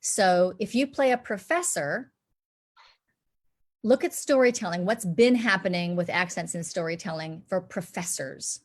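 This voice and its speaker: A woman's voice: on the low side, measured pace. A woman dialect coach hosts a live online Q&A, talking over a video call. Her tone is earnest and explanatory as she advises actors.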